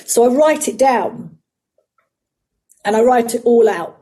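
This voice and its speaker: A middle-aged woman, a psychotherapist and life coach, talking earnestly and slowing down to stress her words. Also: on the high side, expressive, dark tone, slight background noise. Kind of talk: reflective coaching talk.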